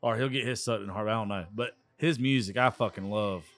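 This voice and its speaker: The voice is lowish, fast and a bit bright, belonging to a tipsy Southern man from Georgia, USA. As a radio host, he delivers drunk live sports commentary on a rowdy, profane call-in style program.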